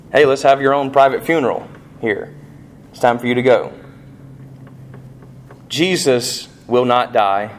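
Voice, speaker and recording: A man preaching a sermon as pastor, animated, with rising emphasis and rhetorical questions. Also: mid-range voice, slight background noise.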